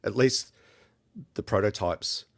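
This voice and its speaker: A man's voice: fairly low pitch, takes it slowly. A man co-hosting a live photography podcast, chatting casually and rambling with lots of fillers. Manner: rambling, filler-heavy, thinks aloud. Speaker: podcast co-host. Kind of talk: casual chat. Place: studio during a live podcast.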